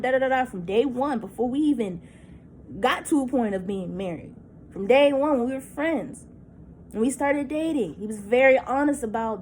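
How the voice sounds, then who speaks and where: A woman's voice: a little high, animated, moderate pace, darkish tone, slight background noise, low-quality recording. A woman in her thirties venting in a personal vlog, upset and holding back tears, cursing and repeating herself. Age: 30s. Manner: agitated, repetitive, profane, restarts words. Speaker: vlogger. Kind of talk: emotional personal vlog rant.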